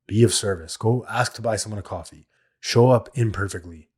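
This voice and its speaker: A man's voice: lowish voice, normal speed, darkish tone, slightly rough. A man hosting a solo recovery podcast, talking in an earnest, plain-spoken way and repeating his key points. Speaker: podcast host.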